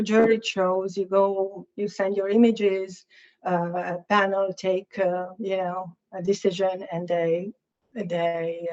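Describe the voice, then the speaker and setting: On a somewhat dull, muffled recording, a guest artist lecturer with a Hungarian accent speaks to an audience about her work. Her middle-pitched voice is a little mellow and slightly hoarse; she clears her throat, and her candid delivery is halting as she searches for words.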